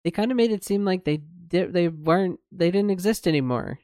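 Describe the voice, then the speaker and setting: A man's voice: high voice, a little fast, clear, resonant tone, no room sound, studio quality. A man from the United States co-hosting a podcast, chatting casually with a hesitant, filler-heavy way of talking. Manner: relaxed, hesitant, many fillers, laughs easily. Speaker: podcast co-host. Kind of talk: casual discussion.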